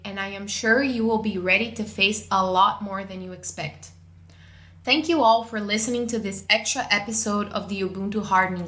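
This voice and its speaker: A woman narrating a scripted podcast segment in a bright, crisp voice. Her phrasing is clear and measured. The recording has a noticeably roomy echo. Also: medium pitch. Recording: echoey room.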